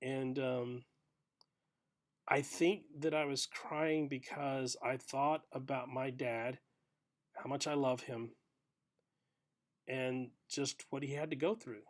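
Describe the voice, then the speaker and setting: A middle-aged man giving a short, reflective sermon for a video podcast, telling a story gently with pauses. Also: medium pitch, steady tone. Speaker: pastor.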